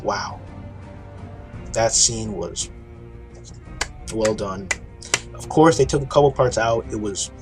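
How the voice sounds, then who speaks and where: Casting note: lower-voiced man, animated fan reviewer, profane and excitable, faint music underneath. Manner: excited, profane storytelling with frequent restarts. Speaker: TV episode reviewer. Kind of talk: casual video review.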